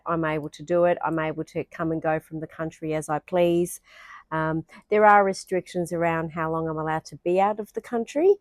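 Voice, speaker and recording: An Australian woman explains her own experience in a casual, chatty vlog, pausing on ums and restarting her sentences. Her voice sits a little low for a woman. The sound is dry and close, with no room echo. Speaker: vlogger.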